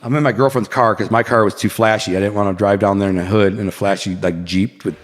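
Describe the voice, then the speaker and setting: With a fairly low voice, fairly even intonation and a quick pace, this Detroit man tells a slangy, vivid street story as a podcast guest, performing scenes with sound effects. It's casual storytelling, heard through long hall reverb over faint background music.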